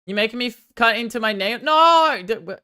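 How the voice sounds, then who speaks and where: A woman livestreaming a game, chatting with her viewers and swinging from excited outbursts to sheepish apologies. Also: fairly high pitch, fast, no room sound, clean studio sound. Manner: banters with chat, swears casually. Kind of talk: casual gaming livestream chat.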